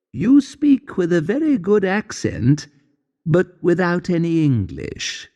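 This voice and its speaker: A man with a dark, low voice reads a story aloud for English learners, taking it slowly and deliberately. His intonation rises and falls in a lively way, and a long reverb trails after every phrase. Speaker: narrator reading a graded English story. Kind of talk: slow scripted story narration for learners.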